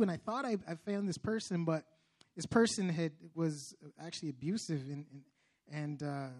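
High-voiced young man preaching his testimony. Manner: earnest, preacherly, with many restarts and sudden loud emphatic bursts. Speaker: speaker giving testimony. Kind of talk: testimony sermon.

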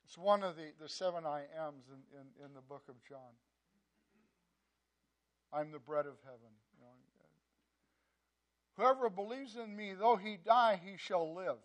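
A man preaching a sermon in a conversational way, often repeating words and saying "you know", swinging between loud emphasis and quiet asides. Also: high-pitched, unhurried, pauses often. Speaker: pastor.

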